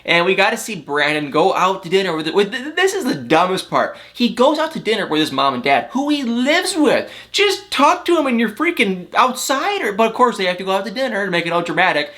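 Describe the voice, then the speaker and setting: Young male recap host, bright lively voice, mocking and theatrical. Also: high voice, brisk, hardly any pauses. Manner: animated, mocking, acts out quotes in exaggerated voices. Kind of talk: casual reality TV recap.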